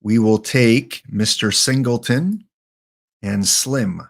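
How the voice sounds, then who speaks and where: A male streamer in the middle of a live game session, talking at an unhurried, drawn-out pace. His voice sits at an ordinary male pitch. He mulls over each choice out loud, repeats names under his breath, and turns now and then to chat with viewers. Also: vocal fry. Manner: thinks aloud while picking cards, mutters names; chatty asides to chat viewers. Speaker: livestream host. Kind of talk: live gameplay commentary.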